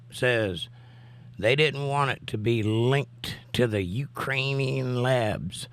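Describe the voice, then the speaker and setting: A man's voice: mid-range voice, vocal fry. A man hosting a casual livestream, chatting and reading viewers' comments aloud, his voice still recovering from a cough. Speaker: livestream host. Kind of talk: casual live-chat commentary.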